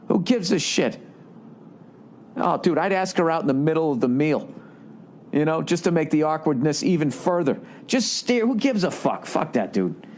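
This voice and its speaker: A man's voice: mid-range voice, a little mellow, a little hiss or hum. A man hosting a podcast, ranting with heavy swearing and sarcasm and reading listener letters aloud. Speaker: podcast host. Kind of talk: casual podcast monologue.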